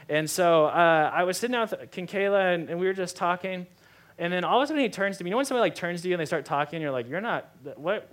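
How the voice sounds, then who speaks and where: A man's voice: on the high side, fairly bright tone. A young adult man preaching a sermon, telling a personal story in a conversational way with many fillers like "like". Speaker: pastor.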